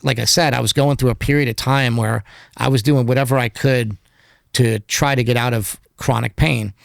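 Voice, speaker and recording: A mid-pitched man with a rough, gravelly edge speaks as a podcast guest. He talks in an open, meandering way and leans on filler words between thoughts. His voice is recorded close and dry in a studio. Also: steady tone, moderate pace, dry recording. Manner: candid, rambling, heavy use of filler words. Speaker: podcast guest, documentary filmmaker. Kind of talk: casual interview conversation.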